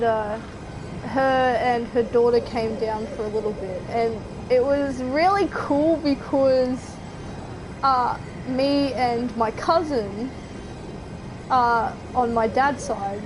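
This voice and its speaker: A woman's voice: a little high, poor audio. A woman with an Australian accent chatting casually while streaming a game, rambling with fillers and giggles. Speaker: gaming streamer. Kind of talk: casual chat while gaming.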